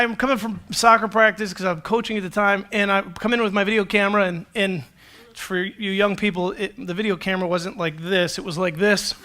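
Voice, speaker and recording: Bright, high-voiced male pastor telling stories. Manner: animated, self-deprecating, acts out quotes. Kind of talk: storytelling sermon. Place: church stage.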